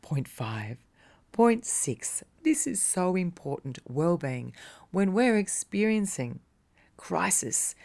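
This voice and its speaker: Low-pitched woman meditation teacher, encouraging, talks right to you, goes soft and whispery sometimes. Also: gravelly. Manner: encouraging, speaks directly to the listener. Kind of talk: casual motivational talk.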